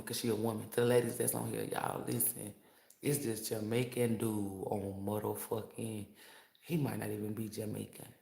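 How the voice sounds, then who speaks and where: Animated, profane man in an echoey room. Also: lowish voice, creaky. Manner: animated, profane storytelling, addresses viewers as y'all. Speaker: tarot reader. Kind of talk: casual livestream chat.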